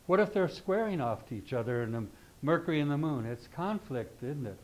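Here an older man runs an astrology class, speaking fairly quickly in a voice on the high side with lively intonation. He rambles informally into tangents and keeps asking "okay?" to check on his students, all captured in a rough recording.

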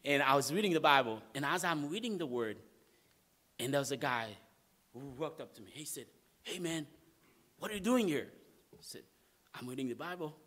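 Bright-voiced pastor telling a story. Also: male voice, on the high side, fairly quick, pauses often. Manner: animated storyteller, acts out dialogue, repeats 'man'. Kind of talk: sermon testimony storytelling.

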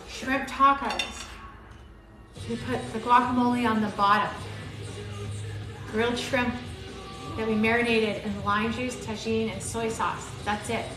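A woman from Arizona and Maui chatting casually and flirtatiously as she cooks on a live stream, greeting viewers by name. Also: on the high side. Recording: echoey room with loud background music.

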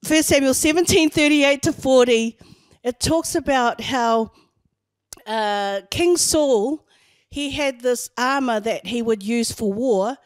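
A woman's voice: high-pitched, takes it slowly, no room sound. A middle-aged woman pastor, preaching a sermon in a conversational, story-telling manner.

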